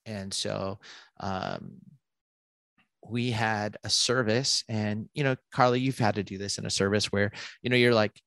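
A man, a podcast guest telling a story in a casual, animated way, full of fillers and restarts. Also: lowish voice, creaky, no room sound, studio quality. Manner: animated, quick bursts with many fillers and restarts.

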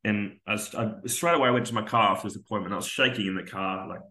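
Aussie guy, low voice, swears a lot, raw emotional storytelling, echoey room. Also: fast, sharp tone. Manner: raw, candid, swears often, acts out dialogue. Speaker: podcast guest, army veteran. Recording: roomy echo.

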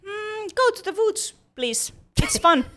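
Slow-talking woman, giggly co-host. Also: very high-pitched, expressive, fairly bright tone. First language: Finnish. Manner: giggly, chatty, laughs often. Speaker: podcast co-host. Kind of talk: casual chat.

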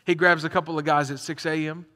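A man preaching a sermon in an animated, conversational way, acting out the story as he goes. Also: fairly high pitch, quick pace. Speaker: pastor. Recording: long hall reverb.

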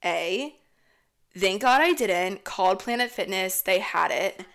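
A woman's voice: medium pitch, normal speed. Profane young woman telling a rambling story. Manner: profane, rambling, animated retelling. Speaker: podcast host. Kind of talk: casual storytelling.

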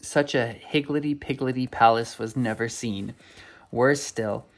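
A man's voice: medium pitch, measured pace. A man reading a story aloud, sometimes stumbling and going back over words. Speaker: reader.

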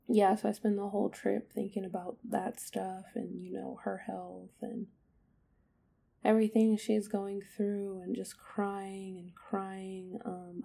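A woman's voice: lowish voice, creaky, warm tone, husky. A young woman telling a personal story on a podcast, candid and emotional, with many fillers and hesitations. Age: young adult.

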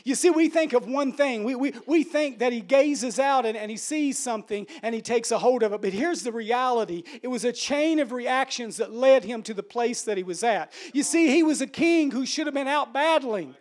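A man preaching a sermon, swinging between hushed and forceful, repeating words as he builds each point. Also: very high voice, normal speed, few pauses. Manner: emphatic, dramatic swings between soft and loud.

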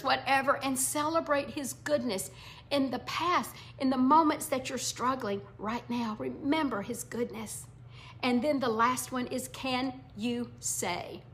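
A woman teaching a devotional Bible lesson, speaking earnestly and often dropping to a soft near-whisper. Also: high-pitched, slight background noise. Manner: speaks song lyrics in a slow cadence.

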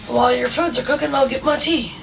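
A woman's voice: sits high, vocal fry, roomy sound, distant mic, a little hiss or hum, low-quality recording. A woman chatting casually at home while cooking, swearing and talking to herself as she works. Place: home kitchen.

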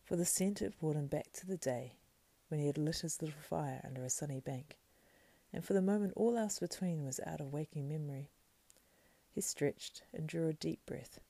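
Hushed, gravelly woman reading a fantasy tale. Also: low-pitched, no room sound. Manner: slow, hushed, breathy, unhurried. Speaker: reader. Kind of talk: soft, partly whispered fantasy book reading.

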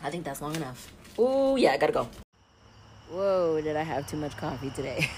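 Chatty over-caffeinated young mom. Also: female voice, deep voice, wildly swooping pitch, measured pace, long pauses, darkish tone, a little hiss or hum. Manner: chatty, jittery, laughs often. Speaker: podcast host and mom. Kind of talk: rambling casual monologue.

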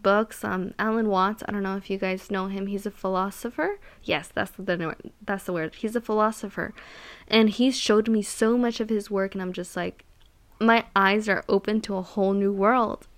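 A woman's voice: medium pitch, steady tone, moderate pace. A woman casually telling a personal story, rambling with lots of "like" and "um" and repeating words for emphasis. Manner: rambling, heavy use of "like" and "um". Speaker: solo podcaster or vlogger.

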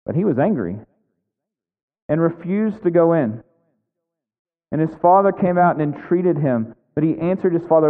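A man's voice: lively intonation, normal speed, pauses often. A man preaching a conversational sermon, tossing in frequent "right?" asides and acting out the characters' lines. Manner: acts out biblical characters' lines with shifting pitch. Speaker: pastor. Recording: echoey hall over a thin phone-like line.

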